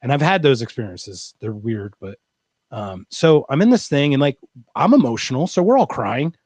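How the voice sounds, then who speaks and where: Rambling, animated storyteller man from Philadelphia. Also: mid-range voice, normal speed, no room sound. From East Coast of the United States, Philadelphia. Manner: animated, rambling, full of "like" and asides. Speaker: guest. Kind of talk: casual storytelling on a video call.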